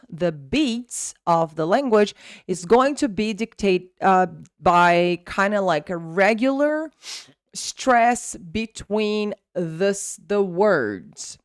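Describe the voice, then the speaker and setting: A woman's voice: medium pitch, clear, resonant tone, no room sound, studio quality. A young Brazilian woman with a Brazilian Portuguese accent, hosting an English lesson and explaining pronunciation, repeating words as drills. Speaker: English teacher and channel host.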